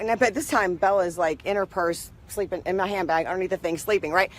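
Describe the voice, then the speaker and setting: Chatty, bright-voiced woman storyteller. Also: mid-range voice, brisk. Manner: rambling, chatty, greets viewers mid-story. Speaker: live stream host. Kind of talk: casual storytelling on a live video.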